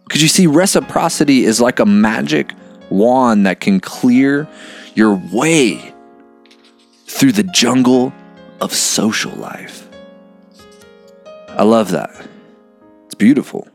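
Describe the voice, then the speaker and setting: A man with a low, gravelly voice hosts a podcast in a loose, earnest monologue. He muses aloud, swears casually and keeps calling the listener "man". Faint music plays underneath. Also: lively intonation, slow pace, pauses often. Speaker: podcast host.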